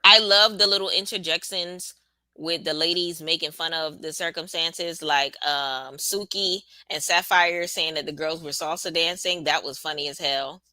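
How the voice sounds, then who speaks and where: A woman with runs a live reaction stream. She talks casually and sassily, answering her chat, in a very bright, forward voice. The sound is dry and close to the mic. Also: low voice, steady tone, moderate pace, no room sound. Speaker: live-stream show host.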